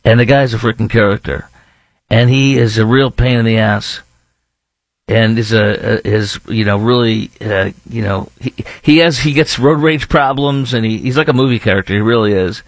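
A man's voice: mid-range voice, moderate pace, no echo. A man with a Texan accent hosting a talk show, rambling through casual commentary with frequent restarts and fillers. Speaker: show host.

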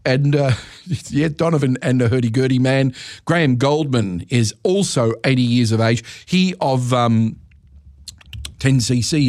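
A man's voice: medium pitch, darkish tone, no room sound, clean studio sound. A man hosting a music radio show, rambling and correcting himself with chuckling asides. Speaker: radio presenter. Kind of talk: casual radio chat.

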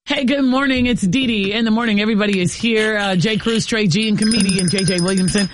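A woman's voice: mid-range voice, fast, no room sound. A woman hosting a morning radio show, chatting with co-hosts and running a quiz game with a bubbly, teasing manner.

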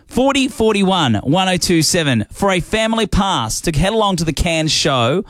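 A man's voice: high voice, very animated, moderate pace, a bit bright, no echo. An Australian man hosting a breakfast radio show, chatty and upbeat with playful asides, on a studio microphone. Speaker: radio host.

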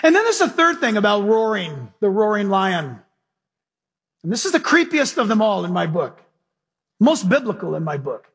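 A male pastor preaching a sermon with animated storytelling, acting out the characters in his stories. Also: high-pitched, normal speed, slightly rough.

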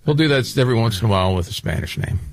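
A man's voice: lowish voice, racing, gravelly, no room sound. A man hosting a talk radio show, joking and bantering with his co-host. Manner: joking, animated storytelling.

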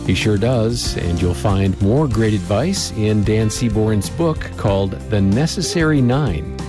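A man's voice: on the low side, animated, unhurried. A man co-hosting a radio program, reading a scripted outro with announcer delivery. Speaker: radio show co-host. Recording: radio broadcast with music bed.

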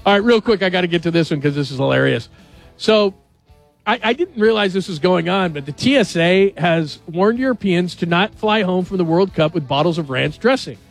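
A male radio host with a somewhat high, gravelly voice talks in a loose, jokey way and keeps tossing questions to his co-hosts. Light guitar music plays faintly under him. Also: expressive, a little fast. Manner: chatty, jokey, asks the others questions. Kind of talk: casual radio chat.

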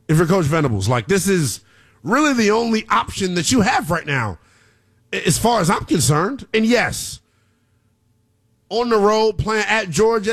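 A man hosting a college football talk show, brash and emphatic, repeating lines for punch. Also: a little high. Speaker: sports show host.

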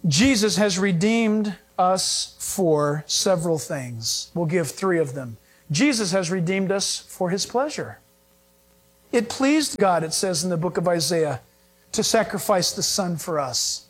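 A male pastor preaching a sermon, animated and acting out little scenes with humor. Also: high-pitched, measured pace, slightly rough.

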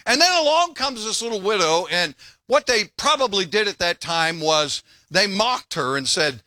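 A man's voice: high-pitched, expressive, moderate pace, pushed and bright, dry recording. An older man preaching a sermon as pastor, folksy and joking, breaking off to tell stories.

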